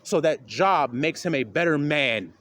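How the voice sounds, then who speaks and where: Expressive and at a measured pace, a man preaches a casual, foul-mouthed street sermon in colloquial language. He swings between loud bursts and quiet asides, performing the voices of people he quotes.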